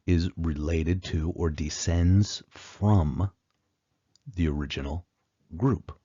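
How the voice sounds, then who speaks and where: A man teaching an explanatory lecture, unhurried, with frequent pauses and fillers, on a dull, muffled recording. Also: very deep voice, dark tone, husky, dry recording.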